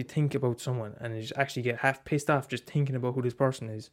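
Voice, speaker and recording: A man's voice: medium pitch, steady tone, quick pace, dry recording, soft background music. A man in a rambling casual monologue, swearing often and restarting his sentences.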